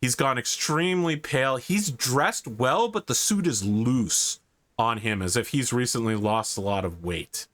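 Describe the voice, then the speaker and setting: A man's voice: medium pitch, expressive, unhurried, a bit bright. A man running a tabletop game as game master, describing scenes loosely with many fillers.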